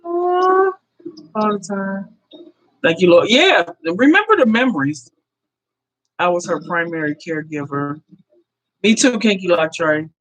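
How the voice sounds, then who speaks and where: A woman's voice: lowish voice, big pitch swings, moderate pace, rough recording. A woman in her fifties hosting a casual livestream, speaking heartfelt and direct to her viewers, often repeating herself. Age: 50s. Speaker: livestream host. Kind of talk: casual live-stream chat with viewers.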